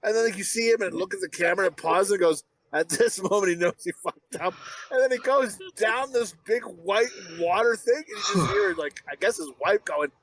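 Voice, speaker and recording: This is a man co-hosting a podcast, rambling through crude anecdotes with lots of swearing. His pitch swings widely as he talks. A faint hiss of noise sits under the recording. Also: expressive, brisk, hardly any pauses. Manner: rambling storyteller, swears freely, laughs often. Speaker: podcast co-host. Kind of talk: crude casual banter.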